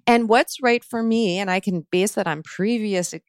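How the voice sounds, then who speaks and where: A woman teaching mindfulness in a casual podcast chat, calm and earnest, explaining step by step with many fillers. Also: medium pitch, moderate pace, clear, resonant tone, no echo, clean studio sound.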